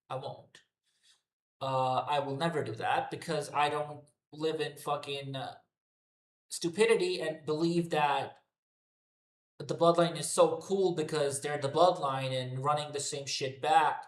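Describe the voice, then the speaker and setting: Male streamer, foul-mouthed rant, slightly high voice, roomy echo. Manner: profane, ranting, repetitive. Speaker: wrestling commentary streamer. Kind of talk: unscripted rant to a live chat. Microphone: headphones on.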